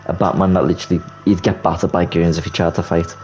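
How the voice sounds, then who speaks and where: Deep-voiced lad telling a story. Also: male voice, a little hiss or hum, rough recording. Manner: animated storytelling, swearing, quick restarts. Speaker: YouTuber. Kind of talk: casual movie plot pitch. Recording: faint music bed.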